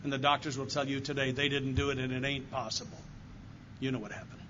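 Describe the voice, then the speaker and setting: A fast-talking older man with a mid-range voice and level tone speaks as an AA circuit speaker at a recovery meeting. He delivers his heartfelt, earnest testimony directly to the audience in a meeting room. The dull lo-fi live recording has background noise.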